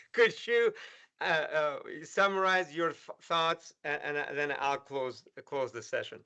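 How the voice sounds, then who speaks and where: A man's voice: on the high side, slow, sharp tone, clean tone. A male host wrapping up a panel discussion and thanking his guests, often stumbling and restarting words. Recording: dull lo-fi sound.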